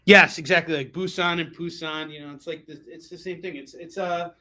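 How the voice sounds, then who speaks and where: Selling comics on a livestream, this American host talks a little fast in a slightly high voice, joking around animatedly with plenty of fillers and restarts. The audio quality is poor.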